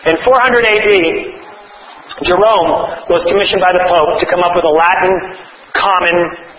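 A man's voice: high voice, steady tone, normal speed. A man preaching a sermon to an audience in a hall, earnest, often restarting his words and adding wry asides. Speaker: preacher and author. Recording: roomy, slightly dull recording.

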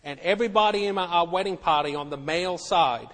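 High-voiced preacher in an echoey hall. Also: male voice, fast, a bit bright. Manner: emphatic, repeats words, asks the congregation questions. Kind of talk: sermon.

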